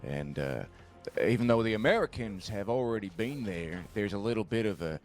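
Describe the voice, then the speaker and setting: A man's voice: lowish voice, expressive, normal speed, soft background music, lightly acted. A man playing a nervous, self-deprecating frontier man who rambles and swears in a western roleplay. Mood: curious.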